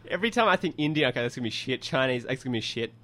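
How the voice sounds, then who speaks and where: A young man co-hosting a student radio show, in quick, giggly, bossy banter in the studio. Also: mid-range voice, lively intonation, a bit bright. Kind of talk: casual banter.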